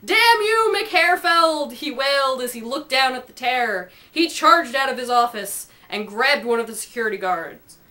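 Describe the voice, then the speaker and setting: Woman, storyteller, comic homemade story, giggly, playful asides, high voice, bright tone. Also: normal speed.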